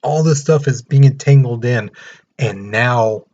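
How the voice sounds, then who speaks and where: A man teaching a history lesson in a casual, animated storytelling way. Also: medium pitch, unhurried. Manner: animated, storytelling, acting out the countries. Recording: muffled lo-fi recording.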